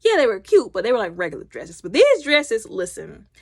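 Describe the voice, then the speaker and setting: A woman recapping a film loudly and animatedly, acting out the characters' lines. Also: on the high side, huge pitch swings, fairly quick, dry recording, clean studio sound. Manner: loud. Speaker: movie reviewer. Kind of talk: casual movie recap.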